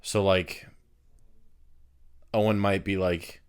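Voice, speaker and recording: A man's voice: low voice, slow pace, clear, resonant tone. A man co-hosting a podcast, talking casually about a film, often repeating his first words as he gets going. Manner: animated, repeats words when starting sentences. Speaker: podcast co-host.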